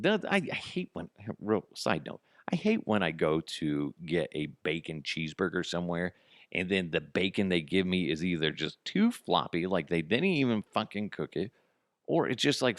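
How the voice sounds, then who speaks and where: A man's voice: low voice, dry recording, clean studio sound. A man hosting a comedy podcast, rambling through a casual monologue with frequent asides and free swearing. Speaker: podcast host.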